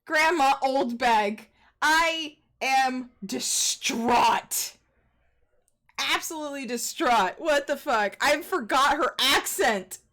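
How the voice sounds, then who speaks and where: A young adult woman streaming a video game, reacting excitably and swearing freely in casual commentary into a desk mic. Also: high voice.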